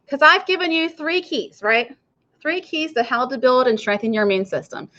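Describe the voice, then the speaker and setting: A woman's voice: sits high, expressive, normal speed, a bit bright, highs cut off. A woman working as a nurse and health coach, talking casually and chatting straight to her viewers. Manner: chatty, addresses viewers directly. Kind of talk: casual online coaching talk.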